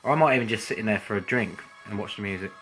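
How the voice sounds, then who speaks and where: Guy rambling on a livestream, bright voice, keeps restarting himself. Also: lowish voice, rapid-fire, faint music behind. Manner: chatty and rambling, with frequent ums and self-corrections. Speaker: vlogger hosting a live stream. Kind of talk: casual live-stream ramble.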